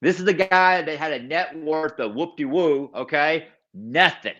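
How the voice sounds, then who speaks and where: A man's voice: a little high, unhurried, fairly bright tone, muffled recording. A man guest telling his personal recovery story in an interview. He is an emphatic storyteller who repeats key phrases and acts out other people's lines. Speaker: podcast guest.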